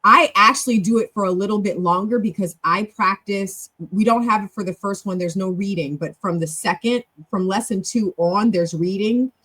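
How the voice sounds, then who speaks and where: A middle-aged woman hosting a live stream in a casual, chatty way, fast and animated, with big swings in pitch and loudness. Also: breathy edge. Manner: talks fast, with self-corrections. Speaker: show host and club leader.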